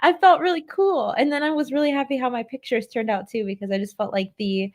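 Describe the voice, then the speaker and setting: A woman's voice: sits high, fast, a little mellow. A woman co-hosting a casual podcast chat, bubbly and enthusiastic, giggling and peppering her talk with "like". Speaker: podcast co-host.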